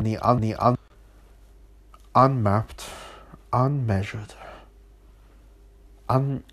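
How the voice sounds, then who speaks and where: A man hosting a solo podcast at night, tired and sick with a runny nose, rambling and joking at his own expense while smoking at home. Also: fairly low pitch. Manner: playful, rambling, self-mocking, repeats sung "ooh yeah". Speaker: podcast host. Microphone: phone recording.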